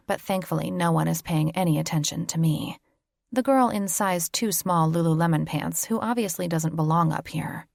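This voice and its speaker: A woman reads a first-person audiobook in a wry, confiding tone, slipping into whispers for private thoughts. Her voice sits a bit low with a husky, gravelly edge. The recording is dry and close. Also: darkish tone, no room sound. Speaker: audiobook narrator.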